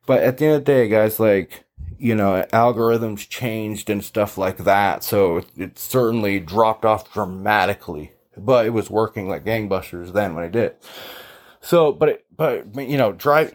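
A man with a somewhat low voice tells his story in a loose, chatty way, full of fillers. He jumps into the voices of the people he quotes. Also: moderate pace. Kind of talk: casual storytelling monologue.

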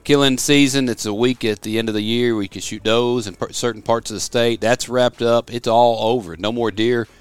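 A man's voice: mid-range voice, fairly even intonation, normal speed, few pauses, smooth, no room sound. Folksy man hosting a podcast. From West Tennessee. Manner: folksy, rambling, storytelling. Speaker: podcast host. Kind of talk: casual podcast chat. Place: studio office.

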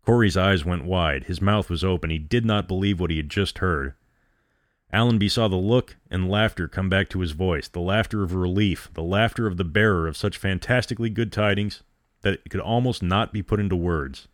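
Man narrating a story, low voice, dry close sound, steady and dramatic. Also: moderate pace, no echo. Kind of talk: reading a short story aloud.

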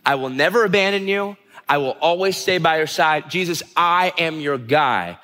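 A man's voice: fairly high pitch, normal speed, pushed and bright. A man voicing an eager, boastful young male disciple who insists on his loyalty. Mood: insistent. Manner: insistent, raised pleading protest. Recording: long hall reverb.

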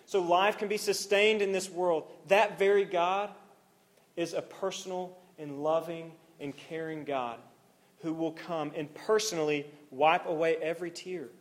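A young male pastor delivers an earnest sermon in a slightly raised voice. He builds to swelling, emphatic passages, then drops to soft, near-hushed lines. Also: on the high side, steady tone, a little slow. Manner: earnest, swings from rising intensity to near-hushed softness.

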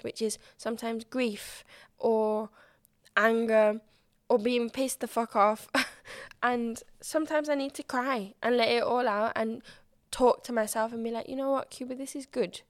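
A woman hosts her solo podcast in a fairly high voice, talking openly and swearing without a second thought. The sound is close and dry, with no room around her. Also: a little slow, no echo. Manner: candid, expressive, swears freely. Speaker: podcast host. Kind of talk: casual solo podcast chat.

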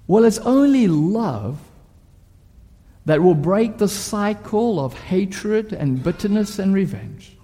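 A male preacher delivering a sermon in a high, animated voice with a mellow tone. He tells stories vividly and poses rhetorical questions at a slow, deliberate pace. A long reverb from a large hall follows his words.

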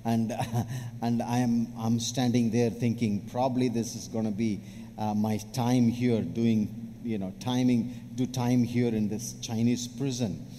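Mellow-voiced preacher man in a hall. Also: medium pitch. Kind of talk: testimony in a sermon. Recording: hall reverb, faint background noise.

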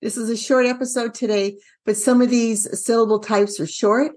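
A middle-aged woman who trains dyslexia teachers, walking through a spelling lesson out loud and asking the viewer questions as she goes. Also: fairly high pitch, steady tone, normal speed. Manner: talks herself through each step, asks viewers questions. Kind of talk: casual instructional walkthrough.

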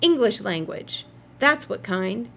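A woman reading aloud and voicing a stubborn little boy who argues back in a shrill, indignant way. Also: lively intonation, slow, gravelly, fairly bright tone, exaggerated voice. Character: stubborn shrieking little boy, younger brother.

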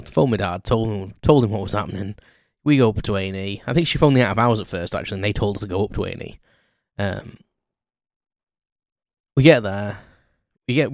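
A man's voice: lowish voice, a little mellow, no room sound, clean studio sound. A man hosting a podcast, telling a story in a rambling, chatty, self-deprecating way with lots of ums. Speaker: podcast host. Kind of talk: unscripted storytelling monologue.

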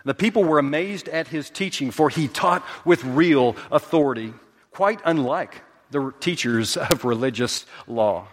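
A male pastor preaching a sermon, rising to high emphatic peaks and then dropping to soft, slow lines. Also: expressive. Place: church sanctuary. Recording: long hall reverb.

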